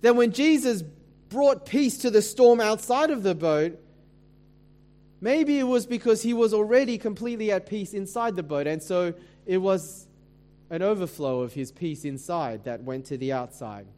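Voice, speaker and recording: High-voiced pastor preaching a sermon. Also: male voice, expressive, moderate pace, a little mellow. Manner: conversational preaching with rhetorical questions; dramatic scripture reading.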